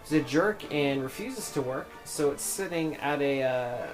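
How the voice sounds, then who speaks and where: A man's voice: mid-range voice, lively intonation, a little slow, over music, rough recording. A young man co-hosting a casual podcast chat, hesitant and full of fillers. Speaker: podcast co-host.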